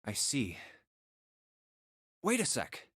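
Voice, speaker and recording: An actor voicing a wary young male video game hero who speaks tensely and quickly, with a dry, close sound. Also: mid-range voice, huge pitch swings, a bit bright, slightly rough, no room sound, exaggerated voice.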